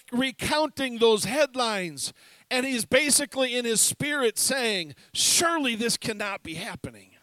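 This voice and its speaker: A man preaching a sermon as pastor, animated, swinging between loud and hushed passages. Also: extremely high pitch, dry recording.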